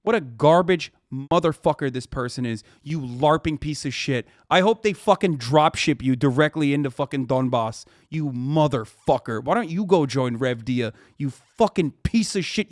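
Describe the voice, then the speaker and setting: A man reacting to a news video on a livestream, ranting angrily and swearing heavily, his voice rising into shouts. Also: fairly high pitch, lively intonation, moderate pace, hardly any pauses, no room sound, studio quality. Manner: profane, angry ranting.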